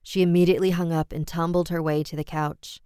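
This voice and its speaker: A woman narrating a scripted horror story, measured and dramatic. Her voice is low, smooth and resonant. The recording is dry and close, with no room sound. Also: level tone, warm tone, no echo.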